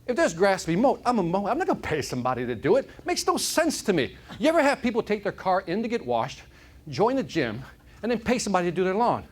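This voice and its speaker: A man from Chicago giving an energetic, joking motivational keynote to a live audience, often checking in with "right?". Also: sits high, fast. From Chicago, United States. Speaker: motivational speaker. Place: conference room with audience.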